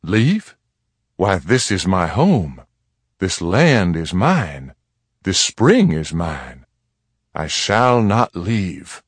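A man's voice: low voice, big pitch swings, drawn-out words, breathy edge, no room sound, heavily acted. A man voicing a proud, steadfast frontier mother in a read-aloud western, speaking firmly and with dignity. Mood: firm, dignified. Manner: firm, dignified, plainly spoken.

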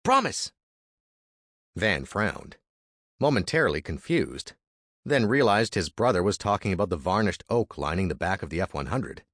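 A man reading an audiobook in an expressive, dramatic manner, recorded on a close studio mic. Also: low voice, normal speed, no echo. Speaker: audiobook narrator. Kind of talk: scripted audiobook narration.

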